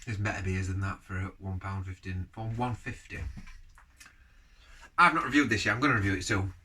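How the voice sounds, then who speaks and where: A man's voice: low-pitched, fairly even intonation, a little fast, pushed and bright, slight background noise. A man casually reviewing a beer on camera, rambling from one thought to the next and giving blunt verdicts. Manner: rambling, jumps between topics.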